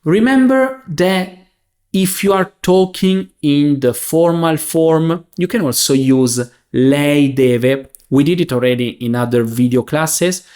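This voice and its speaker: A man teaching a beginners' language lesson, saying examples slowly and clearly. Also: fairly high pitch, a little mellow. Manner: slow, clear, enunciating. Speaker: Italian teacher.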